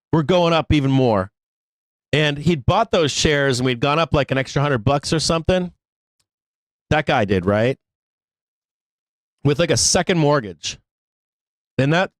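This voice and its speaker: Male live-stream market host, profane and pleading, raised pitch, dead-dry sound. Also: no echo. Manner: exasperated, profane, pleading with viewers, laughs often. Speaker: stock trading show host. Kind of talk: live trading show rant.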